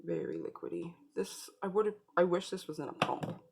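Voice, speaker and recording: Gravelly-voiced woman beauty vlogger. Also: fairly low pitch, wildly swooping pitch, normal speed. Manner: chatty, talks straight to viewers. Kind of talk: casual makeup tutorial chat.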